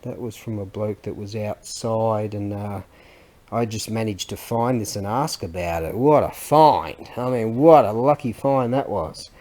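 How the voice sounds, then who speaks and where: A man's voice: on the low side, a little slow, a little mellow. A middle-aged man, chatting casually and rambling in a vlog, often losing his thread and laughing. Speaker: vlogger and antiques seller.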